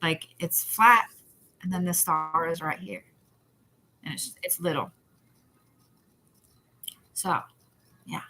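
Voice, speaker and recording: Bright-voiced woman giving chatty readings. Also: fairly low pitch, slow pace, pauses often, poor audio. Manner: rambling, repetitive, chatty. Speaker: psychic reader. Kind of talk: live-stream intuitive readings.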